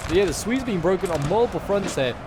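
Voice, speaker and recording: A man with a slightly raised pitch talks through a strategy game battle in chatty play-by-play, dropping wry asides as the fight unfolds. A clear bed of background noise sits under his voice-over. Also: expressive, fast. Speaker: gameplay commentator.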